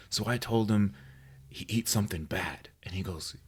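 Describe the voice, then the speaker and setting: A man from New Mexico, co-hosting a podcast and telling an animated story. He often checks in with "you know what I mean?". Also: sits low, a little fast, gravelly, husky. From New Mexico, USA. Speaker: podcast co-host. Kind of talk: casual chat, storytelling.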